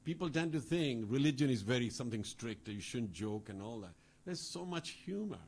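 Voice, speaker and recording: A man of ordinary pitch gives a devotional talk at a temple festival. He speaks in a relaxed, chatty way. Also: fairly quick, gravelly, breathy edge.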